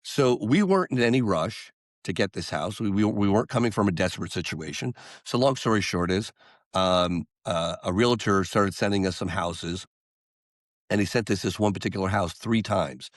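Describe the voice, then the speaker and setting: A man, a singer-songwriter guest on an interview podcast, telling a story and acting out the quotes with lively jumps in voice. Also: fairly low pitch, normal speed, dry recording, studio quality.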